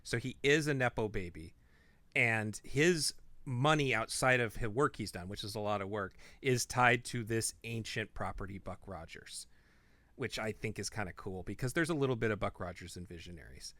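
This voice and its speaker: A man's voice: on the low side, normal speed, sharp tone, no echo. A man co-hosting a podcast, chatting casually and rambling into asides. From not from the Midwest. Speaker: podcast co-host. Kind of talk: casual chat.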